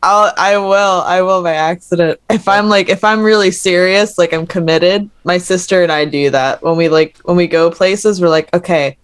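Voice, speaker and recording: A woman's voice: lowish voice, fairly even intonation, normal speed, hardly any pauses, smooth. An American woman chatting as a podcast guest in a bubbly, giggly, self-mocking way. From United States. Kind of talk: casual chat.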